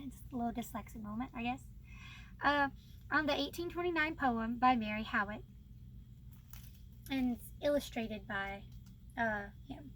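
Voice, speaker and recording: A woman's voice: high voice, fairly bright tone, a little hiss or hum. A young woman hosting her book channel, chatting casually and bubbly, laughing often. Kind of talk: casual chat about books.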